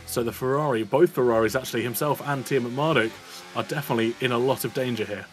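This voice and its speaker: A man's voice: mid-range voice, soft background music. A man giving co-commentary and analysis on a sim racing qualifying session. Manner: measured analytical, praising laps. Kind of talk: live race analysis.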